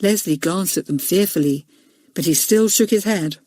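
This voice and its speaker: A woman narrating a children's audiobook, expressive and voicing each character. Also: lowish voice, moderate pace, no echo. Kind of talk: storybook narration.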